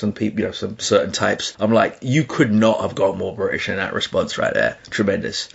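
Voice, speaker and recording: A man co-hosting a podcast, talking in an animated, emphatic way with laughing asides. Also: fairly low pitch, quick pace, creaky, hardly any pauses, breathy edge, lo-fi sound. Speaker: podcast co-host. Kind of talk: casual discussion.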